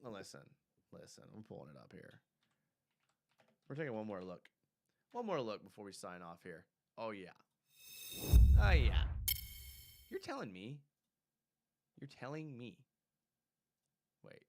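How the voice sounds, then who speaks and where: A man's voice: on the low side, a little slow, long pauses. A man hosting a fan live stream, casually reading viewer comments aloud and reacting with laughs. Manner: animated, laughing, reads chat aloud.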